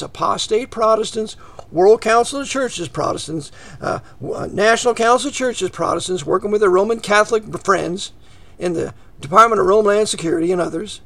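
A man gives a fiery, ranting sermon-like monologue to his listeners. He often breaks into shouting and then drops into low, quiet asides.

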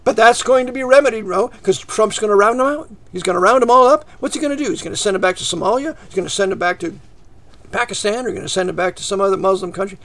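A man preaches fast, delivering a fiery, ranting monologue to his listeners that swings between frequent shouts and low, quiet asides.

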